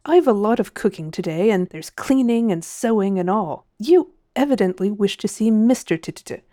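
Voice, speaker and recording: A woman voicing an impatient, busy housewife in an audiobook reading, with a metallic, sharp voice and curt, snappish delivery. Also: medium pitch, lively intonation, normal speed, dry recording, clean studio sound, natural voice.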